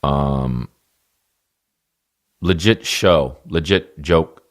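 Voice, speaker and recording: A man's voice: very deep voice, extremely slow. A man in his thirties from New Jersey, hosting a comedy podcast with a rambling, profane, laid-back monologue. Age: 30s.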